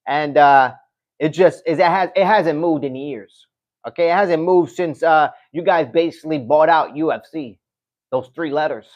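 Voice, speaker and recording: High-pitched male streamer, casual chat with his audience, animated and loose-mouthed. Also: lo-fi sound. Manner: animated, talks straight to chat, swears. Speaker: livestream host. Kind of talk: casual livestream chat reading comments.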